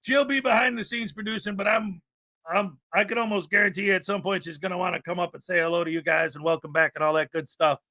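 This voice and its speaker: A man from the American Midwest hosting a live stream in casual chat, boisterous and given to loud hype shouts and laughter. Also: high voice, fairly even intonation, quick pace. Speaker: livestream host. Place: house in Florida.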